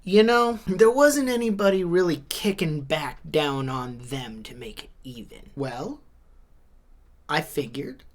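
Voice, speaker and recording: A man delivering a comedic monologue in a wry, chatty joke-telling manner, often tagging lines with a question. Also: on the high side.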